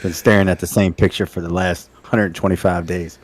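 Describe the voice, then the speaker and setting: A man's voice: low voice, little pitch movement, fairly quick, slight background noise. A man co-hosting a podcast in casual chat, joking and teasing and laughing often. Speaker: podcast co-host.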